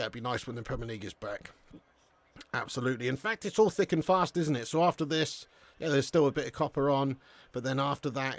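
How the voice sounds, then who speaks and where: There's no room sound as an English man with a medium-pitched voice hosts a live watch-along of a football match. Lively and chatty, he calls the game, reads viewers' chat messages, and frequently calls people lad or mate.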